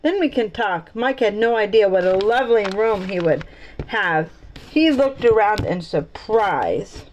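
A woman's voice: mid-range voice, expressive, a little slow, a little mellow, dull audio, a little hiss or hum. A woman reading a chapter book aloud, playful, adding teasing asides between passages. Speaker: storybook reader.

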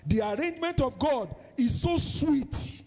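A Nigerian-accented male pastor preaches in a very high, gravelly voice that swoops up and down in a lilting, sing-song way. He drags out his words slowly and keeps calling questions out to the congregation. The sound rings out with the long echo of a big church hall. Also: lively intonation, darkish tone. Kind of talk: sermon. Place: church service.

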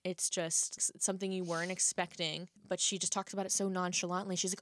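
A woman's voice: on the low side, level tone, fast, fairly bright tone, dry recording, studio quality. A woman in a casual conversation reflecting on a film's story and its themes. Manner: conversational, reflective, with frequent fillers. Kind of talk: casual film discussion.

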